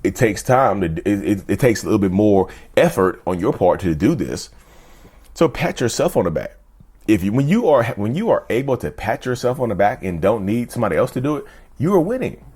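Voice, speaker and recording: A man hosting his channel, talking earnestly to camera in casual chat, often repeating himself and jumping up in pitch for emphasis. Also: sing-song, brisk, darkish tone, husky. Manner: earnest, repetitive, keeps asking "you see what I'm saying"; jumps sharply up in pitch for emphasis. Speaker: YouTube channel host.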